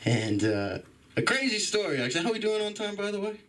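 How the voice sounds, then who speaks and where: A young man doing a profane stand-up set at a comedy club open mic, acting out loud voices as he tells stories. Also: high voice, fast, far from the mic. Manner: animated, swearing storyteller, jumps into loud voices.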